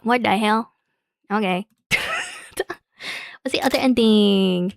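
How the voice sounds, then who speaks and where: A woman streamer reading a story game's narration aloud in a slow, hushed way, breaking off for blunt, swearing asides. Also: mid-range voice, vocal fry, no echo.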